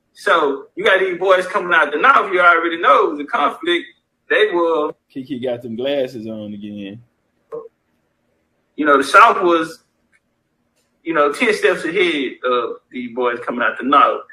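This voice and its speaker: A man's voice: on the high side, pushed and bright, low-quality recording. A man giving casual history commentary, reading source passages aloud and riffing on them in loose, profane street talk.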